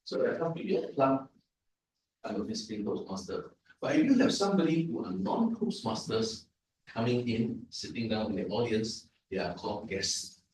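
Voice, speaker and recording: A man's voice: on the low side, expressive, normal speed, darkish tone, slight background noise. A man gives a Toastmasters language evaluation, explaining idioms and checking in with the audience as he goes. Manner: explanatory, repetitive, asks the audience "right?". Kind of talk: club meeting evaluation speech. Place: large echoey meeting room. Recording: echoey room from far off.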